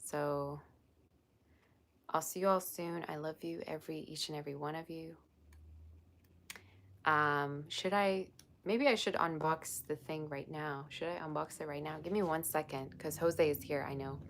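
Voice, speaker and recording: A woman's voice: deep voice, fairly even intonation, moderate pace, a bit bright. A woman hosting a casual tarot livestream, talking straight to her viewers in an effusive, gushing way, on a built-in device mic. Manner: effusive, gushing and emotional while unboxing gifts. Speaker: tarot reader livestream host. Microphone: built-in device mic, no proper microphone.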